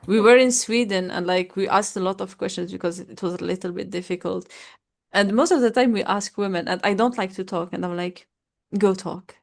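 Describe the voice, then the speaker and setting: A woman's voice: medium pitch, creaky. Young woman teaching French online. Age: 20s. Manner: drills words, then chats with laughs. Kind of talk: online class, casual teaching.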